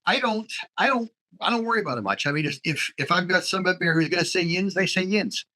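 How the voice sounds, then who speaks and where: A male crime novelist on a podcast panel, relaxed and chatty, telling stories about his books and briefly acting out regional speech. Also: sits high, quick pace, poor audio. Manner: relaxed storyteller, acts out accents in quotes. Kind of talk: casual roundtable chat.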